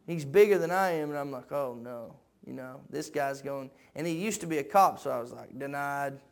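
A man preaching with a high, light voice that climbs even higher as he builds to shouted peaks. He talks conversationally between the climaxes and repeats phrases in a rolling pulpit rhythm. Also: fairly quick, creaky. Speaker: pastor. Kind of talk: sermon.

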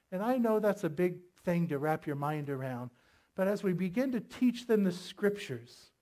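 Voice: medium pitch, a little mellow. A pastor preaching a sermon with emphatic delivery, asking the congregation rhetorical questions.

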